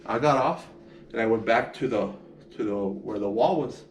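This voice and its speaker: A man's voice: on the low side, normal speed, slight background noise. A young man telling a prison story casually, acting out punches sound effects and swearing freely.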